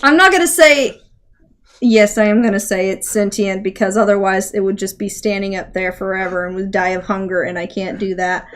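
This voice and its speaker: A woman's voice: medium pitch, fairly quick. A woman narrating as game master in a tabletop role-playing game, rambling and giggly.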